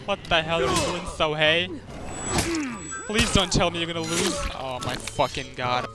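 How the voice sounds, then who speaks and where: A young man giving casual gameplay commentary, excitable and trash-talking, swearing often, as a gaming YouTuber. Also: fairly high pitch, moderate pace. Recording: game music behind. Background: game music.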